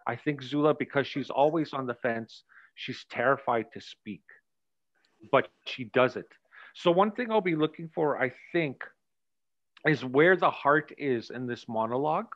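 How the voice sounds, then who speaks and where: A man's voice: mid-range voice, expressive, a little slow, a bit bright. A man coaching actors during a rehearsal, talking things through reflectively and telling stories from his own stage work. His voice comes through a dull, muffled video call. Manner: reflective, storytelling explanations. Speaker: director and acting coach.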